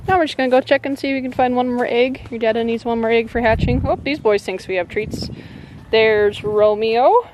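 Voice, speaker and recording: A woman's voice: fairly high pitch, a little fast. A woman vlogging on her farm, patiently giving her small son short repeated instructions as she shows him how to feed the chickens. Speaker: homestead vlogger and mother. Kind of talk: casual instructions to her child. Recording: outdoor camera audio with clear farm noise. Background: chickens clucking.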